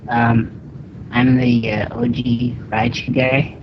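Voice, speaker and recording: A young man with a very flat, even voice states his views plainly on a podcast. The sound is dull and lo-fi, with clear room noise behind it. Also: medium pitch, slow. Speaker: podcast co-host. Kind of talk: casual chat.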